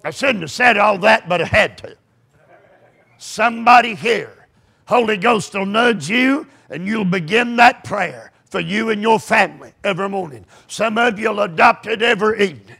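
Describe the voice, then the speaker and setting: High, gravelly preacher shouting fervently. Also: male voice, normal speed. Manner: fervent, often shouting, folksy. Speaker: pastor. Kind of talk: sermon.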